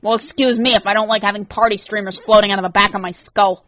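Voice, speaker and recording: A woman voicing Rorik, an irritable teenage boy who swears and grumbles, pitched a little above her own reading voice. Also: steady tone, quick pace, bright, forceful tone. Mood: grumpy. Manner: snappy, swearing, sighing.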